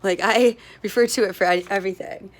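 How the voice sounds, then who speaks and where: A woman's voice: medium pitch, steady tone, brisk. A woman talking in a casual, meandering monologue, restarting her sentences, tagging on "right?" and breaking into easy laughs. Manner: meandering, self-interrupting, often tags with "right?"; laughs easily between thoughts.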